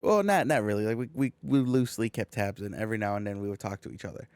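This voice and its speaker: A man's voice: fairly low pitch, quick pace, smooth, no room sound. A young man from California co-hosting a podcast, telling a long story in casual chat with lots of swearing and quoted exchanges. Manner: swearing, animated storytelling with quoted back-and-forth. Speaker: podcast co-host.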